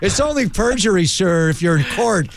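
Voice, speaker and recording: Wisecracking guy on sports radio, gruff teasing, voice bouncing up and down a lot. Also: sits high, animated, moderate pace, a loud crowd. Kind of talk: casual sports radio banter. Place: radio studio.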